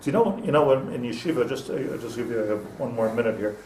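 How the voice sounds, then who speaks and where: Through a far-off mic in a reverberant classroom with faint noise, an older rabbi can be heard teaching a small group casually, full of tangents, anecdotes and Hebrew words. He speaks quickly in a mid-range, darkish voice.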